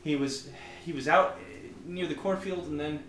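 A man's voice: fairly high pitch, moderate pace, a bit bright, reverberant, a little hiss or hum, pitched above the performer's own voice, natural voice. A man putting on a trembling, tearful farm girl. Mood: shaky stammering. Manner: shaky, stammering, breathless pleading. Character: scared young farm girl, tearful and pleading.

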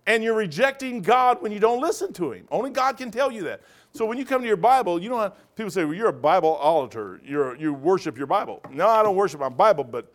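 A male pastor teaching a Bible study, preaching emphatically with folksy stories. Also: sits high.

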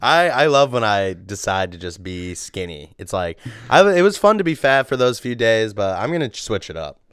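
A young man with a low, smooth voice that swings up and down a lot, joking sarcastically as a co-host and laughing often. The sound is close and dry. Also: sing-song, normal speed, fairly bright tone, no room sound. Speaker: podcast co-host. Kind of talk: casual chat.

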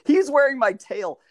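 Brief: lively male storyteller, swooping pitch, dry close sound. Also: dry recording. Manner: animated, laughing storyteller. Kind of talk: casual chat.

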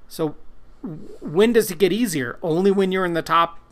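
Podcast co-host, man, rambling and profane, a little high-pitched. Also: moderate pace, fairly bright tone. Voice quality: rambling, profane, self-deprecating. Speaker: podcast co-host, comic colorist. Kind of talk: casual podcast chat.

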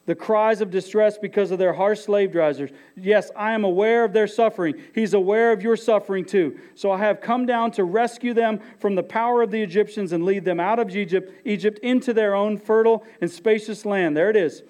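A man's voice: sits high, fairly quick, few pauses, a little mellow. A middle-aged man preaching a sermon as pastor, emphatic and talking straight to his listeners. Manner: emphatic, addresses listeners as "guys".

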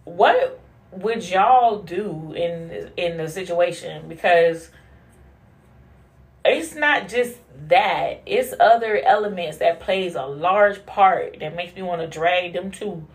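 A woman hosting a casual monologue podcast, blunt and profane, who laughs often and swings from low mutters to high bursts. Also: slow pace. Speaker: podcast host.

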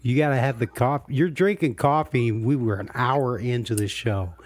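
A man's voice: mid-range voice, normal speed, no echo. A man co-hosting a long online show, trading crude jokes with a friend and laughing often. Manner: laughs often, joking and teasing. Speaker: podcast co-host. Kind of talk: crude casual banter.

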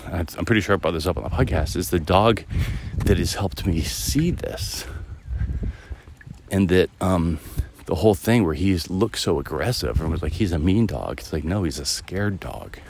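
Podcast host, man, very deep low voice, loose rambling reflective talk on an outdoor walk. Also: a little mellow. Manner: rambling, musing, with many fillers and restarts. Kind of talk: casual reflective monologue. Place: outdoors, walking a dog through a neighborhood.

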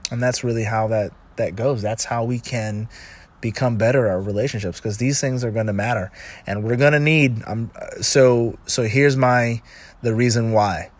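A man's voice: medium pitch, moderate pace. A middle-aged man talking casually about relationships, rambling and restarting, and often acting out clips in quoted voices. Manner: rambling, with frequent restarts and asides; retells video clips in animated quoted voices. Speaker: commentator on relationships. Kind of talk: casual monologue.

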